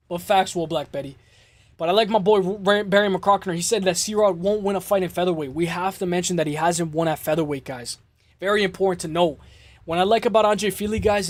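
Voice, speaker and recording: A man hosting a casual MMA show, breaking down fights in an excitable way, swearing and repeating himself. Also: high-pitched, no room sound. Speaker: MMA podcast host.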